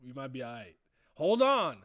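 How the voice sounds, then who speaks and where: A man hosting a casual manga reading reaction, excitable, laughing often and breaking into loud trash talk. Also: medium pitch, moderate pace, dry recording.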